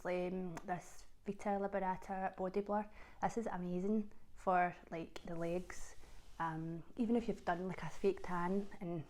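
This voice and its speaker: A Scottish woman chatting casually to camera for her vlog, her voice sitting at an ordinary middle pitch. She talks in a loose, chatty way, leaning on fillers and doubling up words for emphasis. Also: a little mellow, slight background noise. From Scotland. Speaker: vlogger.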